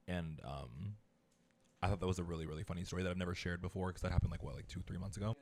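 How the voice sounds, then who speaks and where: A man with a low voice talks quickly in relaxed podcast chat. He tells stories with lots of fillers. His delivery is easygoing and gossipy. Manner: chatty storyteller, filler-heavy. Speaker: podcast co-host. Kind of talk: casual chat.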